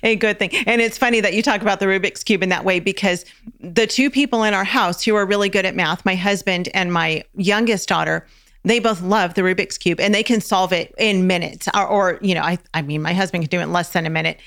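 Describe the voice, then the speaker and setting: A woman's voice: mid-range voice, brisk, a bit bright. A middle-aged woman hosting an interview, chatting easily with her guest. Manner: friendly, laughs easily, chatty. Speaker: podcast host. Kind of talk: casual interview chat.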